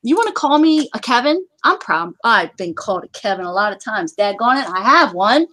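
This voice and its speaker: A woman with a rather high, sing-song voice talks fairly quickly in a bright, forceful tone, with no echo but poor audio quality. She hosts a casual live-stream chat, chatty and quick to laugh, yet turns stern when warning her viewers.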